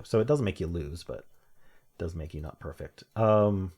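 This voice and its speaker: A young man streams himself solving word puzzles, musing aloud and chuckling at his own jokes in casual solo commentary. His voice is low and dark with a breathy edge, and he talks at a moderate pace.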